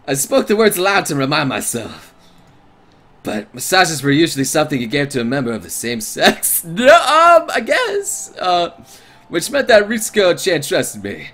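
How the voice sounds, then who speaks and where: A man streaming a visual novel, reading its narration aloud and reacting in an excitable, jokey way. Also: a little high, normal speed. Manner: excitable, jokey, breaks into laughter.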